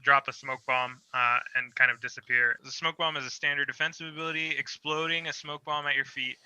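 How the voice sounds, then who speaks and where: A man's voice: mid-range voice, little pitch movement, a little fast, pushed and bright, clean tone, no echo, low-quality recording. A man playing a tabletop game, describing his character's moves and reading out ability text. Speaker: player.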